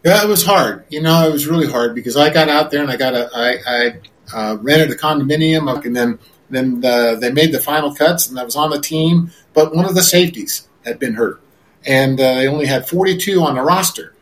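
Older man, interview guest, former quarterback, rambling, halting, reminiscing. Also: mid-range voice, fairly bright tone, rough recording. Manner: rambling, repeats words, many fillers.

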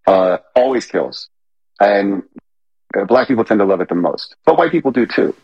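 Man, comedian guest, low husky voice, rambling; dull lo-fi audio. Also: animated, moderate pace. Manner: rambling, filler-heavy, self-correcting. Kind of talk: casual interview chat.

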